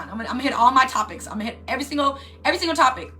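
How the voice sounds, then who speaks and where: Bright-voiced woman life coach. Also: high voice, rapid-fire. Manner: animated, keeps asking "right?". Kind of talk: motivational talk.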